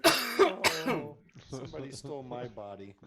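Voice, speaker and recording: A man acting as game master in a casual tabletop session, talking with relaxed, wry asides. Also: mid-range voice, unhurried, a loud crowd.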